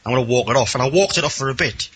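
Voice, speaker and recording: Chatty Geordie man with a husky voice. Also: mid-range voice, lively intonation, very fast, fairly bright tone. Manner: rambling, self-mocking storyteller who acts out other voices. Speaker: caller. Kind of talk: casual anecdote on a radio phone-in.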